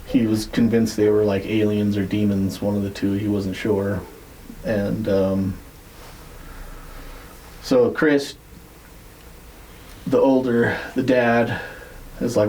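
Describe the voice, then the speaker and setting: A man's voice: lowish voice, steady tone, slow pace, pauses often, a little mellow, a little hiss or hum, poor audio. A man hosting a podcast, retelling a story in a loose, rambling way with lots of "like" and casual swearing. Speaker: podcast host.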